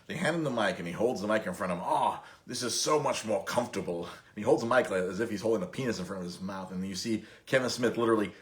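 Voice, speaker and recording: A man's voice: on the low side, rapid-fire, hardly any pauses. A man in his thirties hosting a podcast, telling stories in a rambling, laughing way with many restarts. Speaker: podcast host. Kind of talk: casual storytelling chat.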